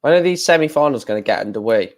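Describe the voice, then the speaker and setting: A man's voice: mid-range voice, lively intonation, fast talker. A man hosting a live stream, chatting casually and correcting himself as he goes. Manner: chatty, thinking aloud, self-correcting.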